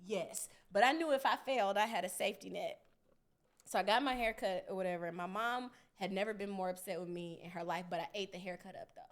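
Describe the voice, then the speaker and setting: A young woman hosting a podcast, telling a story in a casual, animated, profane way, often laughing. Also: medium pitch, quick pace. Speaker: podcast host.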